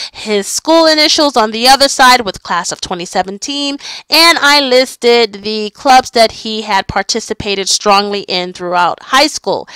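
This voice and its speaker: Bright, animated storytelling woman. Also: on the high side, clean tone, dry recording. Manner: animated, emphatic storyteller with repetitions. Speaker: embroidery business owner and mentor. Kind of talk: personal storytelling vlog.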